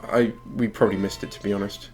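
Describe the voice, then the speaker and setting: A man's voice: fairly low pitch, level tone, fast, a little mellow. Rambling, hesitant British man chatting. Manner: rambling, hesitant, laughs often. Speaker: co-host. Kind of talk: casual chat. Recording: faint music under the voice.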